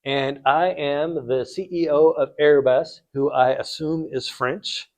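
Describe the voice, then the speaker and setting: A man's voice: on the high side, steady tone, slow pace, darkish tone. A man lecturing on finance to students in a conversational way, asking rhetorical questions and adding blunt asides. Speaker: finance instructor.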